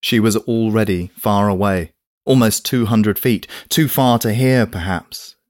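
A man reading a novel aloud in steady, measured scripted narration. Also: lowish voice, no room sound, studio quality. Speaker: audiobook narrator.

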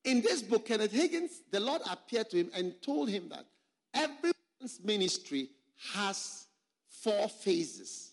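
High, lively-voiced preacher man. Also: measured pace. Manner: emphatic, repeats words and phrases for stress; questions the audience directly. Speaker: pastor. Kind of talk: sermon to a pastors' conference.

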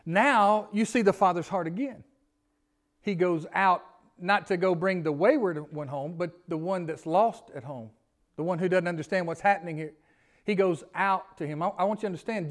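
A man preaching a sermon in a church, folksy in manner and often asking his congregation questions. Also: sits high. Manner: folksy, asks the congregation questions, pleading rises. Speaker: pastor. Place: church sanctuary.

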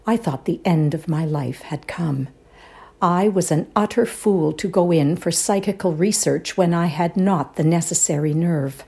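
A woman performing a dramatic reading of a ghost story, hushed and suspenseful, often dropping to a whisper. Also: on the low side, measured pace, creaky. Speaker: reader in a readers' theatre show.

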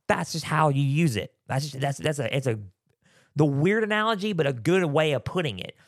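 A man's voice: a little high, expressive, brisk, dry recording, studio quality. A man hosting a casual sports talk show, rambling and repeating himself with lots of fillers while his throat keeps getting scratchy. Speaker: podcast host. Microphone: close mic, sometimes turning away.

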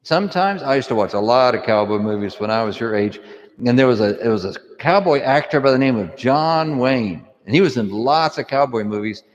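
A priest reads the gospel and then tells the children a story, his voice swinging up and down with animation. His pitch sits mid-range for a man. Long reverb from the church trails behind every word. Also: fairly quick. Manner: animated storytelling, asks kids questions. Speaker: priest or deacon. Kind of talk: gospel reading and children's homily.

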